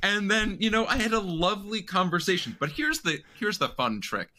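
A man's voice: high voice, sing-song, fairly quick, pushed and bright. A man hosting a podcast in casual, playful chat, laughing often. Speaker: podcast host.

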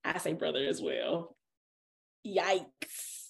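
Woman cohost, laughs a lot, chatty and animated. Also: on the low side, slow, vocal fry. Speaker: podcast co-host. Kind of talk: casual chat.

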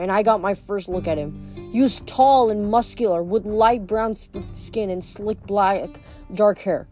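Woman, reading a novel aloud, self-corrects stumbles, mellow tone, faint music underneath. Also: medium pitch. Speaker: reader.

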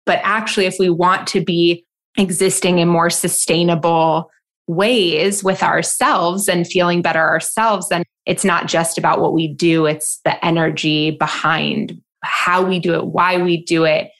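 A woman's voice: on the low side, steady tone, a little slow, fairly bright tone. A woman hosting a podcast, talking through ideas in a reflective, conversational way with many asides. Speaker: podcast host. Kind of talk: casual conversation.

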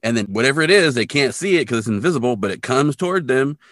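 A man co-hosting a podcast, casually retelling an episode with lively sound effects. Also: mid-range voice, fast, no room sound, studio quality. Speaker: podcast co-host.

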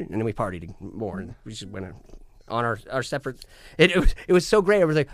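Animated swearing male storyteller. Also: medium pitch, fast, dry recording, clean studio sound. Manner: animated, swearing, acts out quotes. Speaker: musician guest. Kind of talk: casual storytelling.

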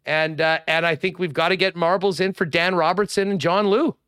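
A man's voice: sits high, fairly even intonation, brisk, a bit bright, clean tone, no echo. Canadian guy hosting sports talk, chatty, rambly, dry close mic. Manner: chatty, rambling, promo reads. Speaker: sports radio host.

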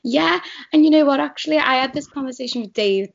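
A woman's voice: high-pitched, fast, gravelly. Chatty young Scouse woman. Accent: Scouse (Liverpool). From Liverpool, England. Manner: chatty, rambling, frequent "like". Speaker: guest, radio producer. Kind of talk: casual podcast chat. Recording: dull lo-fi remote call audio.

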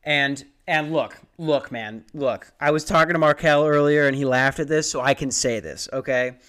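A man's voice: fairly high pitch, normal speed, fairly bright tone. A young man hosting a podcast, telling a story in a rambling, profane, self-mocking way. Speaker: podcast host. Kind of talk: casual storytelling.

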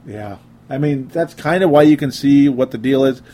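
A man's voice: mid-range voice, moderate pace, mellow. A young man hosting a casual sports talk show, reading listener comments aloud and joking around. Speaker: sports podcast host.

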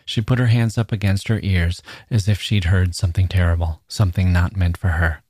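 A man narrating a literary short story in a measured, even manner. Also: deep voice, gravelly, breathy edge, no echo, clean studio sound. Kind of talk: literary reading.

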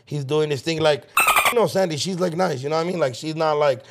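A man co-hosts a casual chat podcast. He rambles through stories in slang, cursing freely. His voice sits a little higher than most men's. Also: quick pace, heavy background noise. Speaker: podcast co-host.

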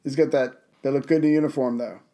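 A man's voice: mid-range voice, fairly even intonation, fast talker, mellow. Easygoing joking podcast co-host man. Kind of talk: casual podcast chat.

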